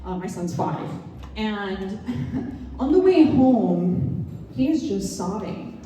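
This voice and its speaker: A woman from the American South, doing a stand-up comedy set in a halting, filler-heavy, dryly self-mocking way, live in a comedy lounge. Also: medium pitch, animated, dark tone, a little hiss or hum. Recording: roomy club echo, far mic.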